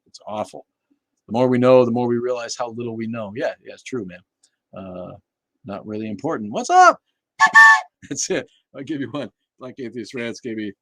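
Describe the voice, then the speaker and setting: Man, low-pitched, livestream host, casual chat, blunt, profane, lots of fillers, dry sound. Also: dry recording.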